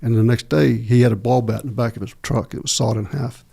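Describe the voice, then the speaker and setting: A middle-aged man from Texas, a podcast guest telling stories from his life in a halting way, with many pauses and restarts. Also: medium pitch, fairly even intonation, creaky, dark tone. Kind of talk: candid interview storytelling.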